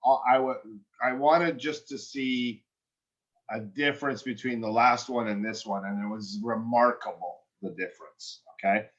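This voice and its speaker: A man coaching a student actor, frank and encouraging, his thoughts tumbling out in stops and restarts. His voice sits at an ordinary middle pitch. The recording is a little dull and lo-fi. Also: fairly even intonation, moderate pace. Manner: direct and encouraging, full of restarts. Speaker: acting coach. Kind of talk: one-on-one acting feedback.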